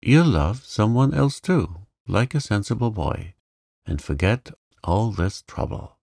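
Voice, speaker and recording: A man reading the part of an earnest, remorseful young woman in an audiobook, in a gentle, pleading way. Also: fairly low pitch, animated, slow pace, vocal fry, no room sound, clean studio sound, full character voice.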